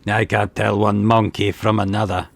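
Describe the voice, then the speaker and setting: A man voicing an arrogant, scornful alien clone-maker scientist in a video game, reading the lines slowly and condescendingly. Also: lowish voice, level tone, creaky, no echo. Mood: disdainful. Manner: haughty, condescending, slow and measured.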